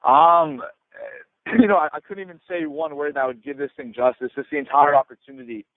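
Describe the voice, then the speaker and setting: A man's voice: on the high side, sing-song, brisk, creaky, no echo. A man leading a sales team, talking eagerly and a bit rambling on a conference call. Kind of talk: casual phone chat. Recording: tinny dry phone line.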